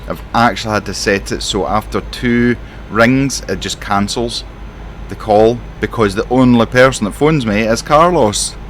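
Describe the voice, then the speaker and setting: A man's voice: fairly low pitch, measured pace, slight background noise. A man with a Scottish accent giving rambling, exasperated in-character commentary while playing a trucking game. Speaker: simulation gamer playing a truck driver.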